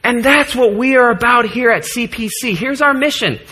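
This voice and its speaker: Earnest preacher man with a bright, husky voice. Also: very high-pitched, moderate pace, hardly any pauses. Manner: earnest, gets choked up, jokes with the congregation. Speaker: pastor. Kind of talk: sermon. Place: church.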